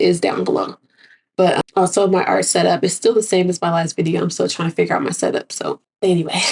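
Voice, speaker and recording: Congested young woman vlogging, husky and low. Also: darkish tone. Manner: rambling, filler-heavy, thinking aloud. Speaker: artist vlogger. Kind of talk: casual unscripted vlog talk.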